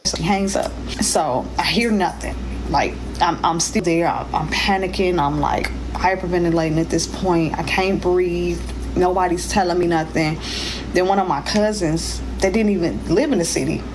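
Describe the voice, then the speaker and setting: A woman's voice: fairly low pitch, moderate pace. Woman telling a story over noise. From Indiana, USA. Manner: retells events breathlessly, acting out her own panicked voice in quotes. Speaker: storyteller in a played clip. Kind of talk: emotional personal story. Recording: clear background noise.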